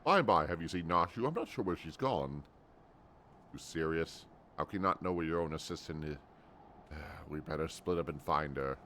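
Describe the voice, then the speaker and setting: Streamer, male, deep and dry, reads game dialogue aloud. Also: lively intonation, normal speed, sharp tone, a little hiss or hum.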